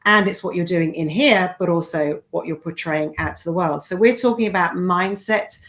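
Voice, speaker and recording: A woman's voice: fairly low pitch, moderate pace, a bit bright. A woman, an executive coach hosting a live online show, chatting casually with fillers and self-deprecating asides. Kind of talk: casual live-stream chat.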